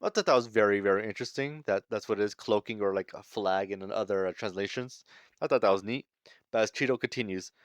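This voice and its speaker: A man's voice: fairly low pitch, fast talker, dry recording, clean studio sound. A man giving a casual, rambling recap of a manga chapter as the channel's host, chuckling and trailing off into fillers. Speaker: manga reviewer.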